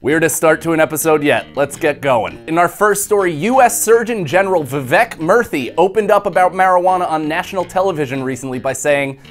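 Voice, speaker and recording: A man's voice: a little high, animated, a little fast, few pauses. A man hosting a comedic news show, sarcastic and jokey, with some faint music underneath. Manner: sarcastic, jokey, slips into put-on voices. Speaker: host.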